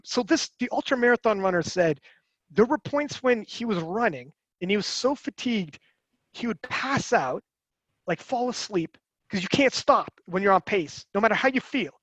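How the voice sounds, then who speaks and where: A man talking casually on a podcast, animated and rambling, with frequent restarts and swearing. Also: sits high, normal speed, no echo.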